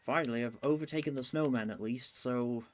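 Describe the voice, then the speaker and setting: A man's voice: mid-range voice, a little fast, soft background music. A man talking through his race live, chatting with a friend and laughing often. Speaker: streamer playing the game. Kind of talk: live gameplay commentary.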